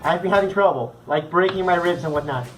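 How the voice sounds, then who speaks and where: A man's voice: a little high, fast, fairly bright tone, soft background music, poor audio. Bubbly young man with a Portuguese-speaking accent. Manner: playful, bubbly and chatty. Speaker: vlogger answering fan questions. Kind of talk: casual chat.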